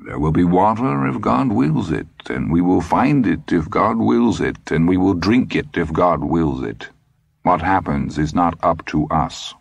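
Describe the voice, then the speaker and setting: A man voicing a cold, menacing ex-Nazi in his eighties, speaking in a calm, measured, quietly threatening way. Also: deep voice, creaky, slightly rough, no room sound, full character voice. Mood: coldly reasoning. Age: 80s.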